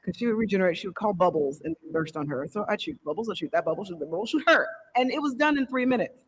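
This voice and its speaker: A woman on a convention panel telling a story in a casual, animated way and laughing often. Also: medium pitch, fast talker, breathy edge, rough recording.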